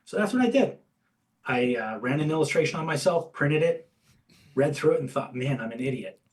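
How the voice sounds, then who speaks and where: A man telling his career story as an interview guest, candid and animated, acting out bits of dialogue. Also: a little high, moderate pace, far from the mic, poor audio. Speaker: guest, insurance agency owner and coach.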